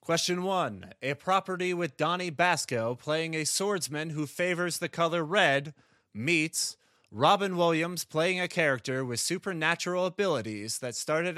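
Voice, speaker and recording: A man's voice: a little high, sharp tone, no echo, studio quality. A man hosting a casual movie quiz, reading out riddle-like questions and ruling on answers. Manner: counts down and rules answers correct or incorrect. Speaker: quiz host.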